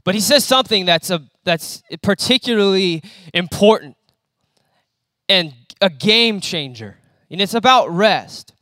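High-voiced animated young preacher man. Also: a little slow, no room sound, studio quality. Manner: conversational, animated, acts out quotes. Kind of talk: sermon. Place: church hall.

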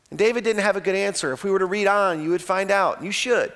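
Male preacher, high voice, dramatic sermon storyteller who swings between loud and hushed. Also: fast talker, hardly any pauses. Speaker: pastor.

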